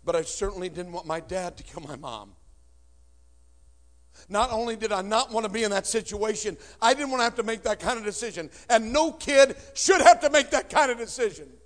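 A man with a notably high voice delivers an emotional sermon to a congregation. He swings from hushed confession to shouting. It is a personal testimony with raw feeling. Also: lively intonation, brisk. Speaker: preacher. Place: before a congregation.

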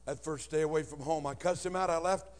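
High-voiced man telling a lively church testimony. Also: quick pace. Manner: animated, punchy delivery with bursts of shouting. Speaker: speaker telling his life story to a church. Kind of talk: testimony with comic storytelling.

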